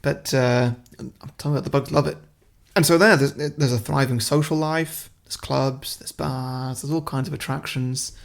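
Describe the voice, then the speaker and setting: A man co-hosting a podcast, pitching a silly story in loose, wandering sentences. His voice sits at a middling pitch and has a gravelly, fry-laden edge. He keeps chuckling at his own ideas. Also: steady tone, normal speed, hardly any pauses. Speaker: podcast co-host. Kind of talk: casual chat, pitching a comic plot.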